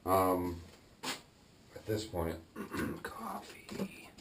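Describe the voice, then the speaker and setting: A man talking casually as he works on his home boiler, thinking aloud with fillers and throat clearing. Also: low voice, unhurried, background noise. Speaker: DIY builder vlogging his project. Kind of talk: casual talk-through while working. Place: garage boiler room, indoors. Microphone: action camera.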